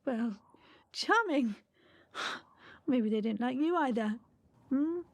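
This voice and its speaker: An actress playing a lonely, haunted girl who talks softly and hesitantly. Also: high voice, lively intonation, slow pace, no room sound, heavily acted. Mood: gentle. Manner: soft and hesitant, fearful.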